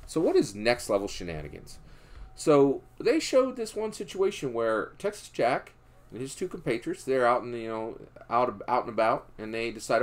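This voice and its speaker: A man's voice: sing-song, moderate pace. A man from Philadelphia giving casual storytelling political commentary, emphatic and tagging sentences with "right?". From Philadelphia, USA. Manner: tags nearly every sentence with a questioning "right?"; emphatic, drops low and quiet for moral points.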